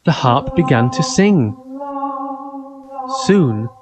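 A man reading a children's fairy tale aloud in simple, even, carefully spoken sentences. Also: mid-range voice, extremely slow, over music. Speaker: storyteller.

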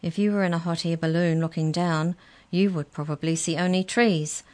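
A woman voicing a caged mouse who speaks in a careful, measured, thoughtful way. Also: fairly low pitch, fairly even intonation, a little mellow, natural voice.

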